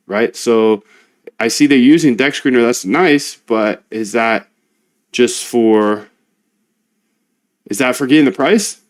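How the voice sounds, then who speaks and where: A man's voice: mid-range voice, darkish tone. A man casually talking through live coding, chatty and slangy, coaching his coding assistant as he goes. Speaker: trading bot developer and streamer.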